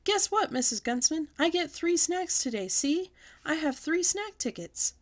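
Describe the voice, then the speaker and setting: A woman voicing a loud, bossy little kindergarten girl who is shouty and pushy. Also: very high voice, sing-song, measured pace, pitched above the performer's own voice, full character voice. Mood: excited.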